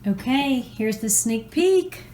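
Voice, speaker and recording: A woman's voice: fairly high pitch, lively intonation, slow, warm tone. A woman hosting a casual cooking tutorial in her home kitchen, in a chatty, homey way with folksy phrasing. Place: home kitchen, food sizzling. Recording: echoey kitchen with cooking noise.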